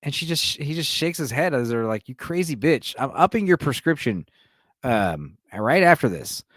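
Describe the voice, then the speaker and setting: A man's voice: medium pitch, sing-song, normal speed, fairly bright tone, no echo, clean studio sound. A man streaming alone, giving a casual, profane movie recap and laughing often.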